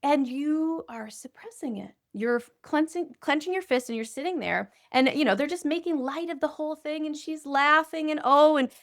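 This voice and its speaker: Woman, podcast guest, doctor, animated storyteller, lots of fillers, fairly high voice. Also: normal speed, few pauses. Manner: animated storytelling, frequent "you know" fillers. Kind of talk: conversational interview.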